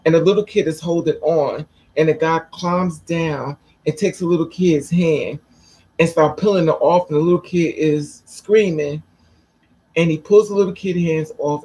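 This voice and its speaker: A woman telling a personal story to camera in a blunt, profane, animated way. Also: low-pitched, moderate pace, slightly rough, poor audio. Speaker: vlogger.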